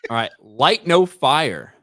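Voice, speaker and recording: A man's voice: mid-range voice, big pitch swings, slow, fairly bright tone. A man hosting a casual livestream, reading viewer comments and chatting loosely, with plenty of swearing. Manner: casual, profane, rambling.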